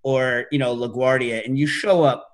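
A middle-aged man hosting a podcast, telling stories in a casual, animated way and breaking into loud shouted impressions. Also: mid-range voice, moderate pace. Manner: animated storytelling, mimics loud New York shouts. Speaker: podcast host. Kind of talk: casual chat.

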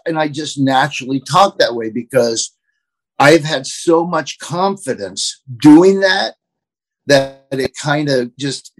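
A man from Florida talking in a relaxed, rambling way about himself, often restarting his phrases as he goes. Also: a little high, measured pace. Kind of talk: casual storytelling chat.

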